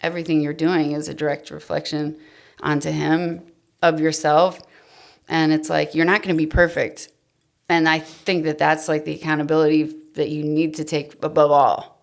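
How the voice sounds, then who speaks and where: A woman in her thirties, a podcast guest, candidly telling an emotional personal story, often dropping to a soft, trailing voice. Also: deep voice, flat delivery, moderate pace, creaky. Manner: emotional, confessional, trails off softly.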